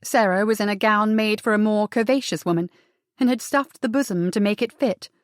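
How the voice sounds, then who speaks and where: A woman's voice: medium pitch, fairly quick, no echo, studio quality. Woman narrating a romance audiobook. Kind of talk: scripted narration.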